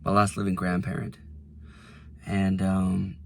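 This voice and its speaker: A man in his twenties, vlogging casually from inside his car, rambling with lots of fillers and going quiet when a memory moves him. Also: sits low, completely flat delivery, slow, creaky, a little hiss or hum. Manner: rambling, lots of "like" and restarts, softens when emotional. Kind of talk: casual reflective vlog.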